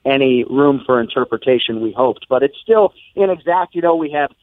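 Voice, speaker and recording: A man, a guest announcer, calling in to chat and explaining things in a measured way. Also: medium pitch, lively intonation, dry recording. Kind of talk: casual chat by phone. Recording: tinny dry phone line.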